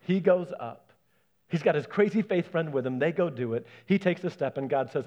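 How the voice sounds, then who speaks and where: A man preaching a sermon as pastor, animated, acting out the voices he quotes. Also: on the high side, moderate pace, muffled recording.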